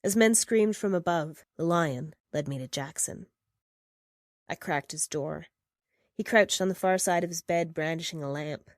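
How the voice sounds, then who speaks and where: A woman narrating first-person fiction in a steady, measured reading. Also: fairly low pitch, no echo, studio quality.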